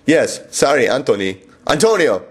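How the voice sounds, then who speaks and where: A man voicing a pedantic male quality control manager who talks slowly and formally, in a patronizing way. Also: medium pitch, sing-song, breathy edge. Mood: officious.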